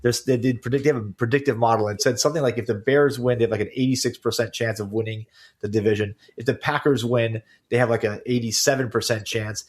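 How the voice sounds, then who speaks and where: A man's voice: mid-range voice, fairly even intonation, fast talker. Male podcast host, casual and jokey, trips over his openings. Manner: chatty, jokey, repeats words when starting. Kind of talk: casual chat.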